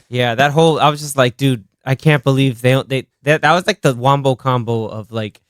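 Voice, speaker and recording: A man's voice: mid-range voice, moderate pace, clean tone, dry recording, clean studio sound. A young man hosting a casual podcast, retelling movie scenes with quoted lines and frequent laughter. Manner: animated, laughs often, quotes scenes in voices. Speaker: podcast host.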